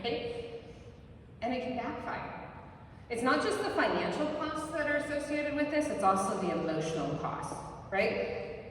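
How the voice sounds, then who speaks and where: A woman giving a live workshop talk to an audience, energetic and often ending points with a quick "right?". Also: medium pitch. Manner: energetic, ends points with tag questions. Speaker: workshop presenter. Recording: very echoey hall, mic far off, faint noise.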